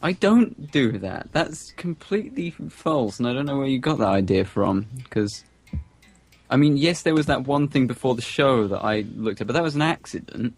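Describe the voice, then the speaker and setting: A man's voice: medium pitch, expressive, moderate pace, soft background music. A man co-hosting a casual chat, joking and playing defensive.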